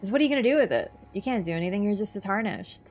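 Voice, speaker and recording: A woman's voice: mid-range voice, lively intonation, rapid-fire, darkish tone, soft background music. A young woman streaming a video game, chatty and casual, swearing and laughing as she talks. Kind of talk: gaming stream commentary.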